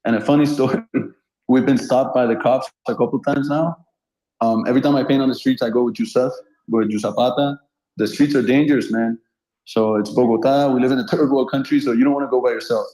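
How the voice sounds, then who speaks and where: A man's voice: medium pitch, quick pace. Laughing storyteller man in a roomy space. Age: 30s. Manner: animated anecdotes, laughs often. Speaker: guest street artist. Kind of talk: casual storytelling. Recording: roomy echo.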